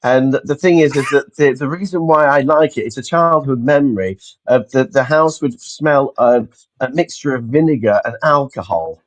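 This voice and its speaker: A male chat-show guest with an ordinary mid-pitched voice. He talks casually, pausing with ums and restarting his sentences. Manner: hesitant, many ums and restarts. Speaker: guest pianist.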